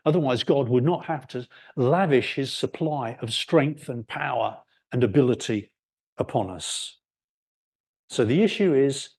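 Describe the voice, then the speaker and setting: A man preaching a sermon, explaining scripture in an unhurried way and lifting his voice on key words. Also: medium pitch, expressive, darkish tone, slightly rough. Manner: unhurried expository preaching, rising for emphasis.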